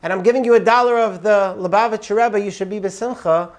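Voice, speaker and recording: A kindly rabbi, full of inspiration and reassurance, as a storyteller puts him on. The man's voice runs high. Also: quick pace, natural voice. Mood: reassuring.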